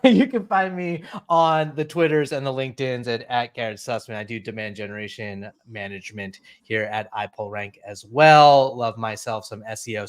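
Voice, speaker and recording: A man from Central New Jersey hosting a live webinar over a video call, energetic and playful, often restarting his words. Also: mid-range voice. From Central New Jersey, USA. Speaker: webinar host.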